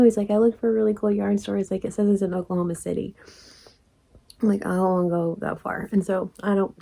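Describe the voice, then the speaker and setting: Chatty woman, gravelly warm voice. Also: on the low side. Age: 40s. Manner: rambling, chatty, laughs often, drops to soft asides. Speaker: crochet vlogger. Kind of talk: casual storytelling vlog.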